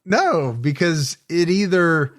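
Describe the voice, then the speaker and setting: A man co-hosting a podcast in casual, chatty conversation, easygoing and quick to laugh. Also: a little high, expressive. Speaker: podcast co-host. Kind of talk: casual chat.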